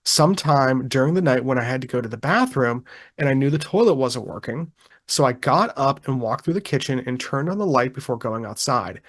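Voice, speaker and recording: A man co-hosting a podcast in casual chat, reading a witness account aloud in a relaxed, chuckling way with frequent ums and restarts. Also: mid-range voice, fairly quick. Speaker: podcast co-host.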